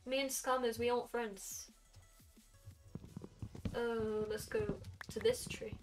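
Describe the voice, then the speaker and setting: A young woman in her late teens with a Welsh accent, chatting casually with her stream chat while gaming and throwing in quick asides. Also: on the high side, big pitch swings. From Wales. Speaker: game streamer. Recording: somewhat distant mic with faint music.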